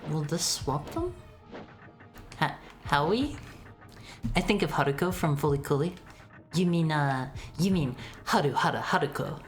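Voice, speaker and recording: A woman with a low, dusky voice chats loosely while playing a retro game, tripping over and repeating her words as she goes. Her voice comes through a desk mic with soft game music underneath. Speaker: streamer. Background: faint game music.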